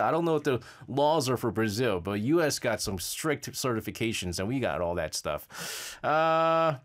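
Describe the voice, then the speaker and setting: A man's voice: medium pitch, moderate pace, few pauses. A man hosting a radio show, chatting casually and reading listener messages, with lots of fillers and stammers. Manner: lively, rambling, frequent fillers and stammers. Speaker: radio host. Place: radio studio.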